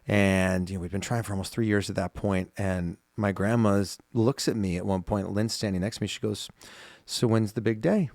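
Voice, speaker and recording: Man, 30s, podcast co-host, casual reflective chat, lowish voice, dry close studio sound. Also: normal speed, dry recording. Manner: reflective, soft-spoken, many fillers. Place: small studio.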